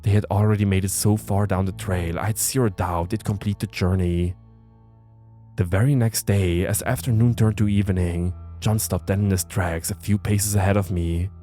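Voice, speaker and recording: A man narrating a first-person horror story in a tense, measured way. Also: deep voice, steady tone. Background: soft music.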